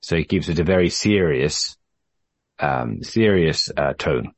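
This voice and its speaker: A man leading a group Bible study, patient and measured, with frequent fillers and restarts. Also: deep voice, expressive, no echo.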